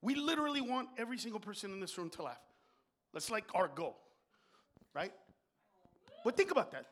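Man comic, very high voice, loud and foul-mouthed on a club stage, slips into Spanish slang. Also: sing-song, normal speed, slightly rough. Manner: profane, shouting, mixes in Spanish slang. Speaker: stand-up comedian. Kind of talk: live stand-up comedy.

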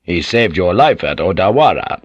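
A man voicing a calm, commanding older warlord who speaks in terse, measured orders. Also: low-pitched, breathy edge, dry recording, muffled recording, full character voice.

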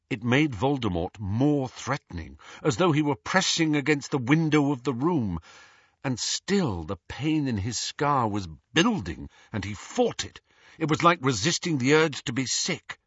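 A man's voice: lowish voice, a bit bright, breathy edge, no room sound. A man narrating an audiobook expressively, switching into voices for the characters. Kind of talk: scripted narration. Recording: dull, muffled audiobook sound.

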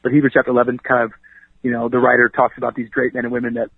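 Fast-talking preacher man on a phone line. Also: medium pitch, creaky, husky, no room sound. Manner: energetic, preachy, says 'you know what I mean' often. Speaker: pastor and author, interview guest. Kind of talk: conversational radio interview. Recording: dry, tinny phone line.

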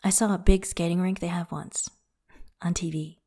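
A woman voicing a hushed, teasing young man. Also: on the low side, flat delivery, normal speed, breathy edge. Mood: soft teasing. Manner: soft, half-whispered and teasing. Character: young man, playful and tender lover.

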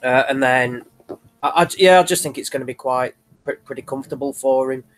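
A man in casual podcast chat about boxing, speaking in a measured way with frequent restarts. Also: mid-range voice. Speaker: podcast co-host.

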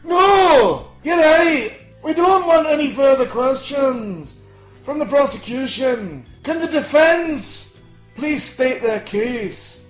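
A man putting on a loud, jolly Scottish man with a broad accent, shouting and laughing as he goes. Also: very high voice, lively intonation, roomy sound, soft background music, voice pushed up, heavily acted, rough recording. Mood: booming. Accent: Scottish, put on. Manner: shouting, cackling, slow and broad.

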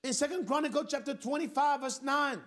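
A man preaching a fervent sermon to a congregation, exhorting them, often shouting and leading call-and-response. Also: very high-pitched, brisk. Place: church with a congregation. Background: faint congregation.

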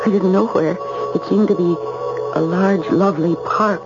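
A woman's voice: fairly low pitch, steady tone, lightly acted. A woman playing a dazed crash survivor. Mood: wondering. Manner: dreamy, halting, searching. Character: shaken young woman, lone crash survivor. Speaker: narrator of her own story. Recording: dull old radio play with music.

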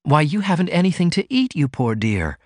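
A man's voice: on the high side, very animated, moderate pace, no echo, clean studio sound, pitched above the performer's own voice. A man voicing a prim, coaxing young woman. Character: refined young woman, gently scolding and affectionate. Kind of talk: audiobook character voice.

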